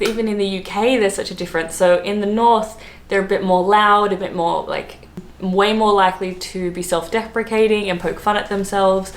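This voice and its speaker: A hungover Australian woman chatting casually to camera as a travel vlogger, full of fillers and quick laughs. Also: mid-range voice. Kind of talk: casual vlog chat. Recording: roomy echo, faint background noise.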